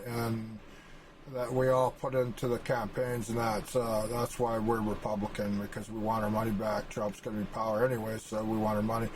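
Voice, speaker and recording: A man's voice: medium pitch, darkish tone, a little hiss or hum, poor audio. A male streamer rambles through a boastful, profane, mock-serious comic rant while drawing a map.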